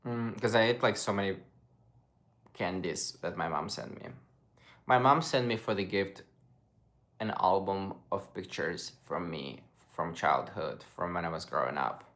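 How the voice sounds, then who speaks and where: A man's voice: sits low, a little slow, a bit bright. A young man casually chatting on a livestream, rambling and stopping to search for English words. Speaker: streamer.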